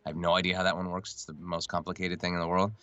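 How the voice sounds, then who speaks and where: A man guest on a call, talking in a relaxed, rambling, self-deprecating way from home. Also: sits low, racing, no echo. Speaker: guest voice actor. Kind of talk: casual chat on a call. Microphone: computer mic over a video call.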